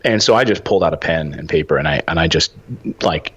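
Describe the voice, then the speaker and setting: A man in his forties telling a story as a podcast guest, animated and acting out the dialogue. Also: extremely low pitch, fast, husky. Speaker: podcast guest, real estate investor. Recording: dull lo-fi audio.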